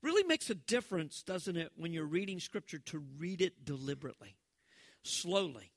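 A male pastor, preaching a sermon in a conversational, animated way and acting out the voices he quotes. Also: on the high side, moderate pace, dry recording.

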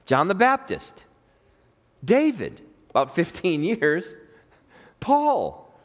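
A man's voice: sits high, slow pace, in a large hall. A man preaching a sermon, reading scripture and asking his listeners questions. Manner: lively, questions the congregation. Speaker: pastor.

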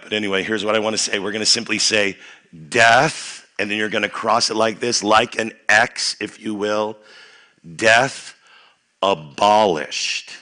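Bright-voiced man preaching to a youth rally. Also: on the low side. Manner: energetic, playful, leads chants. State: voice a bit worn. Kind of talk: sermon with crowd call-and-response.

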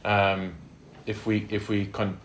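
Man, low voice, Bible study teacher, conversational, tag questions, echoey room. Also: flat delivery, takes it slowly, a little hiss or hum.

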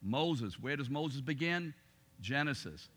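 A man's voice: mid-range voice, expressive, takes it slowly, a bit bright, husky. A middle-aged man teaching a Bible class, talking conversationally and emphatically, asking his listeners rhetorical questions.

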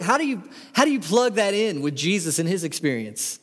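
A man preaches a sermon in an emphatic voice, reading scripture aloud. His voice sits a little high for a man. It rings out with long reverb, as in a large hall. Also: very animated, fairly quick, a bit bright. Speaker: pastor.

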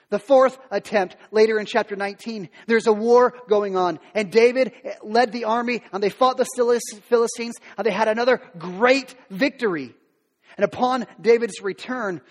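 A man's voice: high-pitched, in a large hall. A male preacher retelling a Bible story in a conversational sermon, with modern asides.

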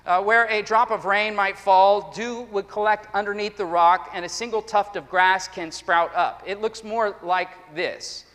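A man preaching a sermon, animated and emphatic, acting out the voices of people he quotes. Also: high-pitched, measured pace, few pauses. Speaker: pastor. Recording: long hall reverb.

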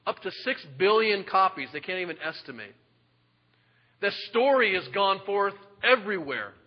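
A male pastor preaching a sermon, animated and joking, dropping from loud emphasis to a hushed voice. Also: high voice, normal speed. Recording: dull lo-fi sound with long reverb.

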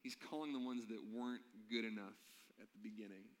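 A man's voice: lowish voice, steady tone, a little fast. A man preaching a sermon, telling stories and asking his listeners questions. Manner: storytelling, asks the congregation questions. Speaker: pastor. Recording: long hall reverb.

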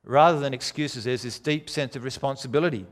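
A man preaching a sermon, emphatic, swinging between loud declarations and quiet, low lines. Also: a little fast.

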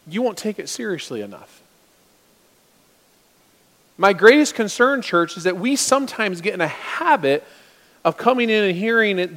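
A man preaching a sermon as pastor, swinging between loud urgent stretches and hushed asides. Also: sits high, long reverb tail. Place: church sanctuary.

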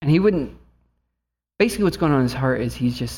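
A man's voice: medium pitch, lively intonation, quick pace, long pauses, darkish tone, breathy edge. A man in his thirties, a pastor preaching an earnest sermon and telling a family story, rising at times to fervent appeals.

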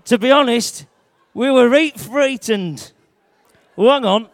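Lively man telling a story. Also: extremely high pitch, takes it slowly. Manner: broad dialect, lively, shouts at dramatic moments. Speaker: church storyteller. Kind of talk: first-person dramatic Bible storytelling.

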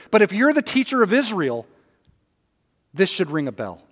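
High-voiced man preaching in a reverberant hall. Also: normal speed, slightly rough. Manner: animated, reads scripture aloud with emphasis, conversational asides. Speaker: pastor. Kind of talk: sermon.

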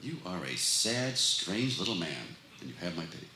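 An actor voicing an earnest, self-important male toy space ranger who makes grandiose, solemn heroic pronouncements, from an animated film soundtrack. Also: sits low, moderate pace, background noise. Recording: film soundtrack with music and echo.

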